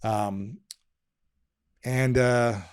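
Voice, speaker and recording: A man, a podcast guest, telling a personal story in conversation, earnest and emotional, often dropping quiet and slowing down. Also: mid-range voice, fairly even intonation, clean tone, dry recording, clean studio sound.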